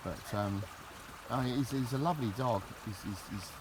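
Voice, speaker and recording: A man's voice: medium pitch, moderate pace. A middle-aged man chatting casually for his vlog, rambling and jokey with cheeky asides, recorded outdoors on a walk. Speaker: vlogger. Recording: outdoor recording with loud background noise.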